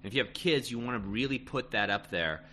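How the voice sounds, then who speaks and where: An expressive man with a mid-range voice delivers casual relationship advice fairly quickly, his tone sharp. He's emphatic throughout, often adding "right?" and repeating "end of story." A bit of hiss or hum runs in the background.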